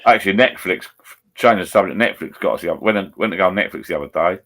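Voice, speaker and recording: A man with an Essex accent rambles cheerfully as he hosts a live chat from home. His voice sits very low, and he drifts from topic to topic like talk at the bar. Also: fast talker, fairly bright tone. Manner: rambling, chatty, blokey. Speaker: live stream host. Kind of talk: casual banter over a video call. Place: at home beside a laptop.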